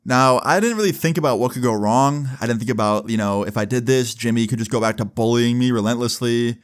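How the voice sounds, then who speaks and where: A man's voice: medium pitch, brisk, smooth. A man telling a personal school story in a casual storytime vlog, full of swearing and fillers like "right?". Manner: casual, profane, filler-heavy.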